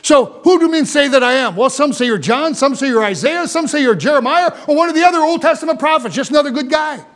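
A male pastor preaches to a church congregation in a fairly high voice. He talks in an animated way, with asides and quick restarts as he explains a passage. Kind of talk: sermon.

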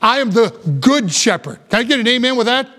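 A man preaching a sermon as pastor, reading scripture slowly and then building to fervent appeals. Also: very high-pitched, lively intonation, pushed and bright.

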